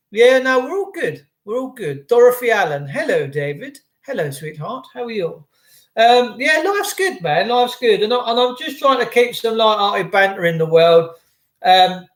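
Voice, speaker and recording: A high-voiced man chats loosely to his livestream viewers, greeting them by name and wandering from topic to topic. His voice rings around an echoey room. The talk stays casual and rambling throughout. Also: expressive, normal speed. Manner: chatty, rambling banter with viewers. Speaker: livestream host.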